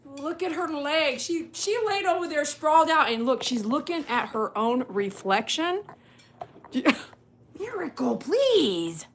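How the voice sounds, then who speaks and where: Lively high-voiced woman talking to dogs. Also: measured pace, a little hiss or hum. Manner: playful, scolding, laughs often. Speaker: vlogger, dog groomer. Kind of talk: casual talk to her dogs. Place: at home indoors.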